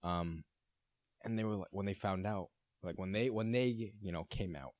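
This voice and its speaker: Young male podcast co-host, low voice, dry close sound, laughs and swears often. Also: darkish tone, no echo. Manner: laughing, swearing, fast anecdotal storytelling. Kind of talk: casual chat.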